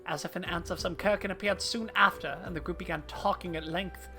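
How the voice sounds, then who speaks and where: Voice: mid-range voice, steady tone, a little fast, pushed and bright, faint music behind. A streamer voicing a struggling, wheedling small merchant while reading game dialogue aloud on stream. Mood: eager. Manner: theatrical read of game dialogue.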